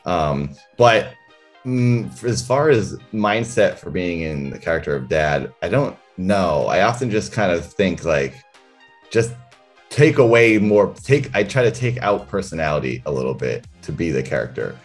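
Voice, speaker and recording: Low-voiced man musing in an interview. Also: very animated, normal speed, faint music behind. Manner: reflective, thinking aloud. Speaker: interview guest, comedian and character performer. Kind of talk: casual interview chat.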